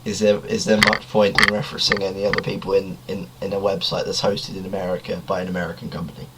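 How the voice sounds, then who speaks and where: A man's voice: sits low, flat delivery, fast talker, distant mic, heavy background noise. A young man co-hosting a casual podcast, hesitant and dry in his remarks. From Britain. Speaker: podcast co-host. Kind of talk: casual chat.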